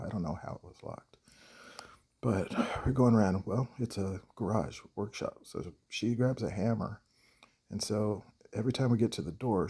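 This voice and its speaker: A man, a horror writer, telling a personal story in a halting, hesitant way with many pauses. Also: on the low side, gravelly, dark tone, husky.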